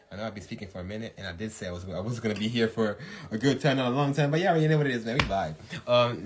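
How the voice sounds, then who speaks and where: This man hosts a podcast-style livestream in a lowish voice, keeping things casual and lively. He laughs a lot and breaks into shouts when playing up the hype, while soft music runs underneath.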